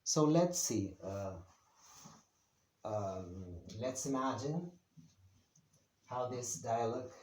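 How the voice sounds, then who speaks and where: In an echoing, roomy room, a patient Spanish teacher stands at a board explaining basics to beginners. His mid-range voice is animated with a darkish tone, and he speaks slowly, with many pauses and fillers.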